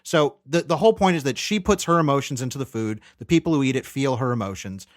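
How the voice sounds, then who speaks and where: A man co-hosting a movie podcast in casual chat, retelling scenes with lively quoted character lines. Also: medium pitch, quick pace, no echo, studio quality. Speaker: podcast co-host.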